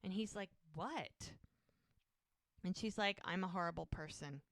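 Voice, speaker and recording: A woman's voice: fairly low pitch, unhurried, fairly bright tone. A woman co-hosting a podcast, retelling TV scenes in casual chat and quoting the characters' lines. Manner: retells scenes with quoted dialogue. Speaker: podcast co-host.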